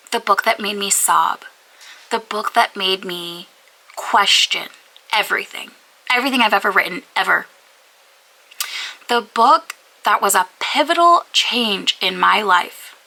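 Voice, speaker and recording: A woman's voice: mid-range voice, measured pace, gravelly, pauses often, bright, forceful tone, rough recording. A woman chatting casually to camera as a book vlogger, gushing and filling her talk with "like", sometimes dropping to a whisper for emphasis. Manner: gushing, filler-heavy with frequent "like".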